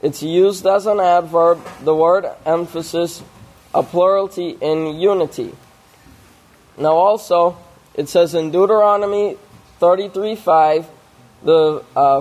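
A man delivers a sermon-style scripture study at an unhurried pace. His voice sits somewhat high for a man. He reads passages aloud, then works through word meanings with small fillers and restarts. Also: a little mellow. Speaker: preacher.

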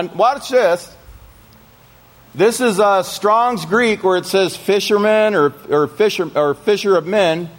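High-voiced man teaching a sermon. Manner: repeated checks with the listeners, rhetorical questions. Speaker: congregation teacher. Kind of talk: sermon with scripture reading.

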